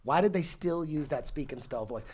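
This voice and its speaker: A man in his forties telling a long story in casual talk, rambling and animated, swearing often and restarting his sentences. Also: on the high side, moderate pace, a crowd in the background. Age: 40s. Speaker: podcast guest telling a story.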